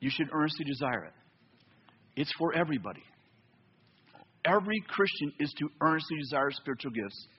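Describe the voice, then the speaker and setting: A man preaching a sermon in a church, telling a story with lively back-and-forth dialogue. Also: fairly high pitch, brisk, long pauses, husky, muffled recording. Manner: animated storytelling, acts out both sides of dialogue. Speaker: pastor.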